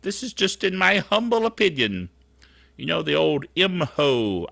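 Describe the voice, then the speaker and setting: A man's voice: on the high side, very animated, measured pace, vocal fry, bright, forceful tone, dry recording. A middle-aged man hosting a tech show, talking in a casual, digressive, self-mocking monologue.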